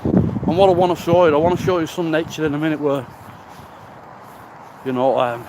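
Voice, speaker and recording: A man's voice: on the high side, brisk. A man, walking outdoors and talking into a handheld phone, out of breath, rambling and blunt with casual swearing. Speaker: recovery vlogger. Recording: outdoor noise, wind and birds.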